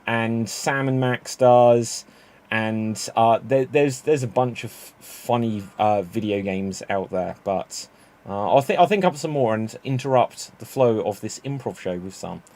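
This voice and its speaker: A man's voice: mid-range voice, unhurried, darkish tone. A man hosting an improv livestream, chatting in a rambling way with plenty of fillers. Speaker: improv show host.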